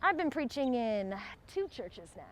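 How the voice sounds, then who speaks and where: A woman's voice: a little high, sing-song, brisk, a bit bright, a little hiss or hum. A woman voicing a shy, earnest young country preacher who speaks with a put-on country drawl.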